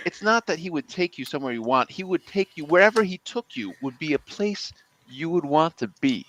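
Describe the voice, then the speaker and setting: A man's voice: a little high, a bit bright, dry recording, pitched above the performer's own voice, rough recording. A man voicing an earnest male hero with a Southern accent who stammers and rambles.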